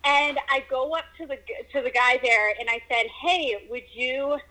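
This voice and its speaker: A woman telling a personal story in a casual conversation, animated and acting out moments with exclamations. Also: high voice, normal speed, rough recording. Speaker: guest telling her story.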